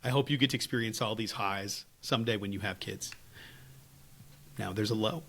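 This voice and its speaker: A man co-hosting a podcast, telling stories in casual chat with lots of laughs and lively swings. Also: lowish voice, normal speed, slight background noise. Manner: animated, laughing storyteller. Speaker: podcast co-host.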